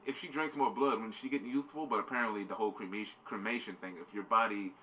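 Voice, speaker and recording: A man's voice: lowish voice, fairly even intonation, fast, sharp tone, muffled recording. A man giving a casual, rambling spoiler review, swearing loosely. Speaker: show reviewer. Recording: distant mic, faint background noise.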